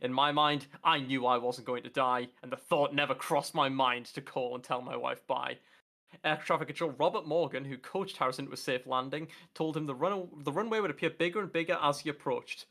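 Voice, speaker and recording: A British man reading a news story aloud on a casual group chat show, animated and swearing freely, laughing as he reads. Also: mid-range voice, a little fast. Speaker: podcast guest.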